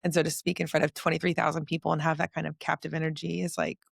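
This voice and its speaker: A young woman hosts a podcast in a casual, animated way and laughs easily. Her voice sits low and carries a gravelly fry. The sound is dry and close. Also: quick pace, no room sound. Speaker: podcast host. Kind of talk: casual interview chat.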